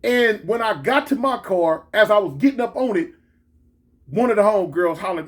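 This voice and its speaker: A man telling a story in a casual, slangy, animated way. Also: high-pitched, moderate pace. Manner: animated, slangy, switches into excited quoted voices.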